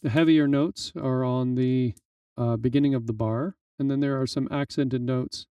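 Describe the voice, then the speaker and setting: Mellow-voiced man explaining at a distance. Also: medium pitch, moderate pace, clear, resonant tone, no room sound. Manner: relaxed explanatory, frequent fillers. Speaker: music tutorial instructor. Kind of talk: screen-recorded software tutorial.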